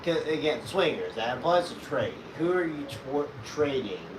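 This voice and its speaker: A man joining a live stream, firing off loud, teasing, crude banter. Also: a little high, sing-song, normal speed. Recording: echoey, distant, noisy.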